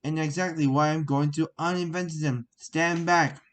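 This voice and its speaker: A man voicing an eccentric, absent-minded male professor inventor in a storybook reading, halting and restarting as he reads. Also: fairly high pitch, steady tone, pitched above the performer's own voice, natural voice. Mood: indignant. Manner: halting read-aloud with restarts.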